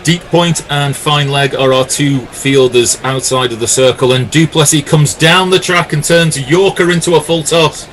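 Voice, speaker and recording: A man giving live ball-by-ball cricket commentary, with lively calls and jokey banter with his co-commentator. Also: a little high, moderate pace, few pauses.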